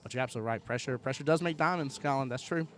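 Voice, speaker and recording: A man commentates a pool match live, chatting conversationally and checking in with his co-host often while filling gaps with "right?" and "like." His voice is medium-pitched, fairly bright and racing.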